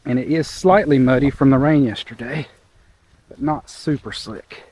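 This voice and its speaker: A travel vlogger in his forties chats casually to his viewers on a handheld camera while hiking a windy hilltop trail above a cove. His mid-range voice is a little mellow, at a moderate pace. Gusting wind creates noise on the mic.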